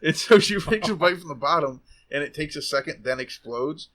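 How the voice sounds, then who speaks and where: A man's voice: fairly high pitch, animated, fairly quick, bright, forceful tone. A man co-hosting a podcast, casually telling a funny story with swearing and laughter. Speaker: podcast co-host. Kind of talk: casual chat.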